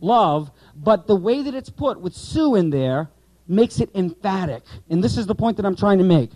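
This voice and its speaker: A man's voice: high voice, expressive, moderate pace, a little mellow, no echo, poor audio. A man teaching a class of pastors about Bible Greek, explaining with rhetorical questions and asides to the students.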